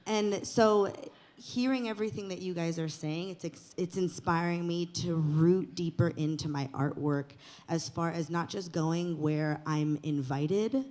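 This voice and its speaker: Effusive low-voiced woman on a panel. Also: a little slow, a little mellow. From East Los Angeles. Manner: emotional, profane, effusive. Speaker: actress, panelist. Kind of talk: candid panel talk.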